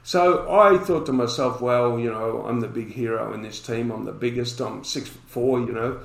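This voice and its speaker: A man's voice: medium pitch, normal speed, vocal fry, roomy sound, rough recording. A man, a podcast guest telling a story and acting out the dialogue in it.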